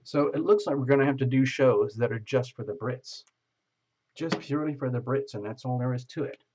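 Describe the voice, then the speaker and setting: A man's voice: medium pitch, brisk, background noise. A man hosting a tarot channel livestream, chatting in a rambling, playful way with his viewers. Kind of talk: casual livestream chat with viewers. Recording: dull lo-fi stream audio.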